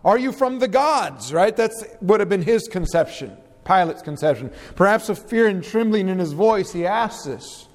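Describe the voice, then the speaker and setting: Male pastor, high voice, emphatic verse-by-verse preaching, long hall reverb. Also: lively intonation, normal speed, few pauses, a little mellow. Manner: reads scripture verses aloud and explains them, emphatic. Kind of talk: expository sermon.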